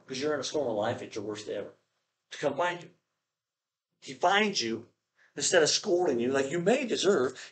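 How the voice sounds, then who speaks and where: A man's voice: a little high, fairly bright tone, poor audio. A man preaching a sermon in a conversational way, often checking in with his listeners and acting out prayers in a raised, pleading voice. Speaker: pastor.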